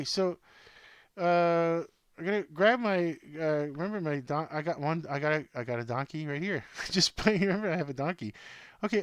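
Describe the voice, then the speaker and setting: Host type: a man with a slightly high, very bouncy voice, rambling through a casual home-made sports show, dry close sound. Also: no echo. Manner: rambling, talks to himself and to plush toys, laughs often. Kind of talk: casual off-script commentary.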